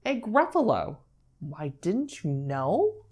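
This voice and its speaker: A woman's voice: lowish voice, huge pitch swings, slow pace, darkish tone, breathy edge, exaggerated voice. A woman voicing a bold, clever little mouse in a picture-book read-aloud, with a sly, knowing lilt. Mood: sly, boastful.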